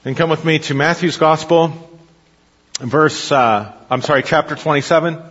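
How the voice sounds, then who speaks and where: In a dull hall recording with long reverb, a man preaches, reading scripture and explaining it while asking his listeners questions. His voice sits on the high side, a bit bright and husky, at normal speed.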